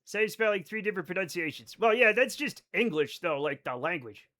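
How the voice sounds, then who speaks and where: With a bright, forceful, high-pitched voice, this young streamer talks fairly quickly and with lively intonation. He plays a game live, swearing liberally in his chatty banter and reading out chat messages to riff on them.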